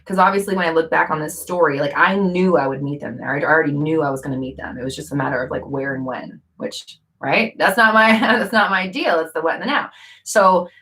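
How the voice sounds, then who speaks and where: A woman's voice: sits low, a little fast, a bit bright. A woman vlogger talking casually to camera, rambling with fillers and self-corrections.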